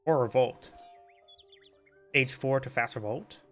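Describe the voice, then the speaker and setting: A game caster with a stuffy, congested nose gives casual live commentary on a strategy game, thinking aloud and correcting himself as he goes. His voice is medium-pitched and he takes it slowly, with faint music behind.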